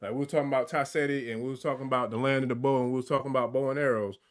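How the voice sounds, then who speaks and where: A man's voice: medium pitch, very fast. A man in casual spiritual livestream chat, rambling and emphatic. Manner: rambling, emphatic, grows excited and loud at times. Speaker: livestream guest.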